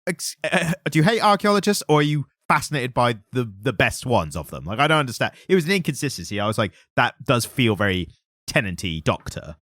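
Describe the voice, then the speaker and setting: A man in casual podcast chat, his voice rising and falling freely as he jumps between points. He talks in quick asides, cutting himself off and restarting. The sound is dry and close to the mic. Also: medium pitch, no echo. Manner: animated, quick asides and self-interruptions. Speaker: podcast co-host. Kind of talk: casual chat about comics.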